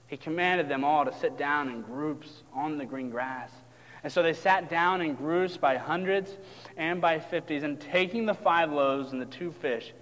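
Animated high-voiced male preacher in reverberant hall. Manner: animated, acts out voices of disciples and crowds, casual asides. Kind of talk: sermon.

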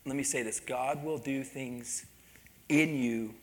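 A man's voice: mid-range voice, slow, big-room sound. A man preaching a sermon as pastor, telling a personal story with mimicked voices and laughter.

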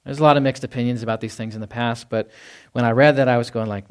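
A man's voice: medium pitch, fast, few pauses, smooth. A male pastor giving a conversational sermon, often repeating words and acting out everyday voices. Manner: conversational, with many restarts and acted-out quotes.

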